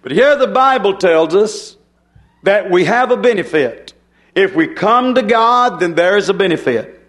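A man's voice: high-pitched, expressive, a little slow, fairly bright tone. A man preaching a sermon in a folksy, emphatic way, often turning to the congregation with rhetorical questions.

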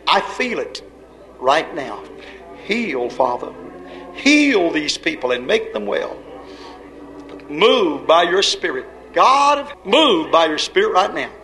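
Leading worship in an echoey hall over loud music, a preacher delivers a revival sermon and prayer, pressing the congregation in fervent call-and-response. He speaks slowly in a slightly high voice with big swings in pitch.

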